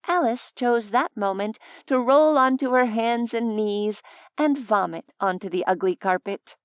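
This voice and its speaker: Woman audiobook narrator, slow and expressive, fairly high voice, very dry close mic. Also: smooth, no echo. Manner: measured, expressive storytelling.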